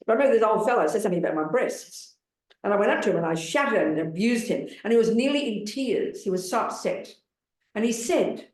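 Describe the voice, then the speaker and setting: A woman in her seventies, a Buddhist nun giving a dharma talk in a blunt, emphatic way, pressing her listeners with rhetorical questions. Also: mid-range voice. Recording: roomy hall sound.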